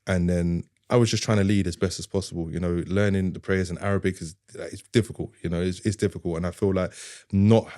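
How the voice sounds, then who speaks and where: A man's voice: sits low, steady tone, quick pace, few pauses, mellow, no echo, studio quality. A middle-aged man, a podcast guest telling a heartfelt personal story with earnest feeling. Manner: earnest, heartfelt, often retells dialogue.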